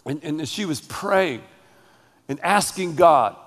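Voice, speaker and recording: A pastor preaching a sermon, emphatic and dramatic, calling on the congregation to repeat after him. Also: male voice, on the high side, expressive, slow, fairly bright tone. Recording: long hall reverb.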